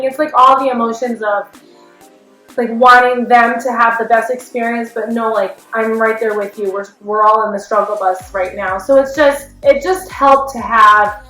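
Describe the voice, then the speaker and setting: A woman's voice: fairly high pitch, a bit bright. A woman in her thirties, a running coach, talking candidly and heartfelt in a rambling way with lots of fillers. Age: 30s. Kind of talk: candid personal vlog. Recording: echoey room, faint music.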